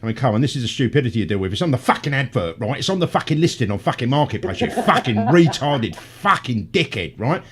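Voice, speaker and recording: A man's voice: medium pitch, big pitch swings, fast talker, few pauses, slight background noise. A middle-aged man, hosting a casual radio chat and ranting with heavy swearing. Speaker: radio show host.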